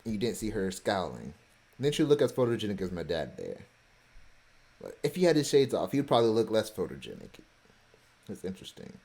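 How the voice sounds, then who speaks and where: A man's voice: on the low side, huge pitch swings, brisk, creaky, pauses often, darkish tone, slightly rough. A man casually talking through his vacation photos, rambling with offhand, self-joking asides. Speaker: vlogger going through his cruise photos.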